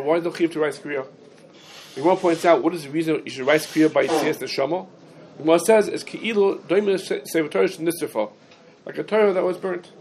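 Teacher lecturing in a sing-song cadence. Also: male voice, fairly high pitch, a little mellow, slight background noise. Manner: sing-song learning cadence, stops to field students' questions. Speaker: Talmud teacher giving a class. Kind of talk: yeshiva-style halacha lecture.

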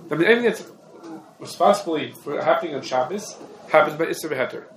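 A man giving a Torah lesson on halacha, talking in quick, emphatic bursts and repeating key terms. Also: a little high, expressive. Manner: rapid, repetitive, emphatic teaching with heavy Hebrew terms. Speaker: Torah teacher. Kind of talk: halachic lecture. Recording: echoey room with faint ambient noise.

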